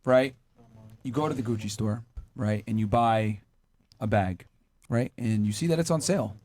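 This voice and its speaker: A man's voice: fairly low pitch, normal speed, darkish tone, soft background music. A man hosting a podcast panel, spinning a scenario and acting out exasperated voices, swearing freely. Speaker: podcast host. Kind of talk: animated podcast panel talk.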